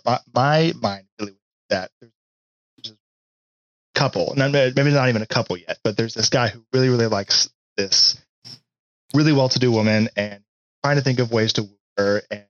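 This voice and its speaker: A man casually improvising a romantic story idea as a podcast co-host, in a measured way. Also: mid-range voice, dry recording, muffled recording.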